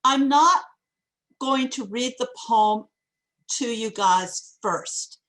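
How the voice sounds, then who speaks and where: A woman giving a craft talk on poetry over a video call, reading lines aloud slowly and deliberately. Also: a little high, fairly bright tone. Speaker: poetry workshop teacher. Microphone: video call microphone.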